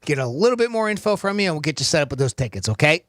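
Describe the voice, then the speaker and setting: Man radio host, high voice, upbeat, dry close mic. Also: big pitch swings, rapid-fire, fairly bright tone, no echo. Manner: upbeat, laughs easily. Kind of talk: radio contest hosting. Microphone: studio microphone.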